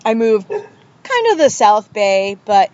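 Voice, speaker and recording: A woman's voice: medium pitch, big pitch swings, takes it slowly, a little mellow, dull audio. A woman guest on a podcast, chatting casually and rambling through loose anecdotes, recorded outdoors by a pool. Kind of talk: casual chat.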